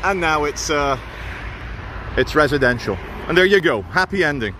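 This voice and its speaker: A man narrates as he walks suburban streets with a handheld camera, chatty, opinionated and quick with sarcasm. His voice sits a little high for a man. Faint traffic and street noise run underneath. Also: sing-song, bright, forceful tone. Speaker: vlogger filming a walk. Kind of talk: walking vlog narration.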